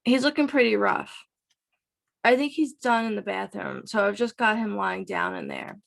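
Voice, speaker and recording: A woman reading as a smooth-talking teenage boy. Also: medium pitch, fairly even intonation, moderate pace. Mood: evasive.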